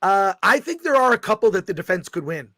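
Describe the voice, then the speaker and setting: A middle-aged man hosting a casual livestream chat, excitably reading viewer comments aloud. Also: high-pitched, fairly quick, no room sound. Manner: excitable, reads viewer super chats aloud. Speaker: host.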